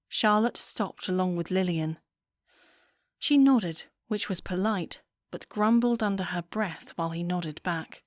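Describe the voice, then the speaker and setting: A woman narrating a romance audiobook in a calm, even storytelling manner. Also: medium pitch, no echo, clean studio sound.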